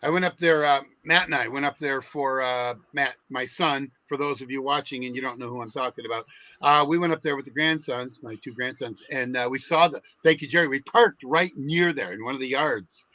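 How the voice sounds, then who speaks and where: A man's voice: medium pitch, brisk, bright, forceful tone, no echo. An older man co-hosting a podcast, chatting in an enthusiastic, talkative way. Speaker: podcast co-host. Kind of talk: casual chat. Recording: dull lo-fi sound.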